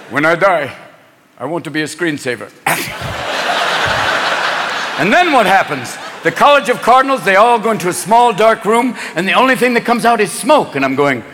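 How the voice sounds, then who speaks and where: A man performing a brash, rapid-fire stand-up routine, jumping into voices. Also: high voice, fairly bright tone, big-room sound. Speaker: stand-up comedian. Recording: live club audience, noisy.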